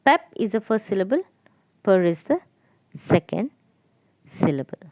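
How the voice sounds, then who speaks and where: A woman teacher giving a lesson to children, repeating and spelling out letters slowly. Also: mid-range voice, very animated, darkish tone, dry recording. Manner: slow, repetitive, spelling out letters.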